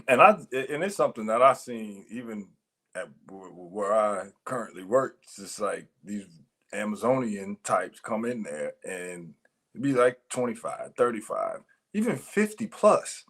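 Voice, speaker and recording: A man's voice: on the low side, very animated, measured pace, a bit bright. A man co-hosting a ministry podcast, talking casually but emphatically, with preachy rhetorical questions. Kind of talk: casual chat.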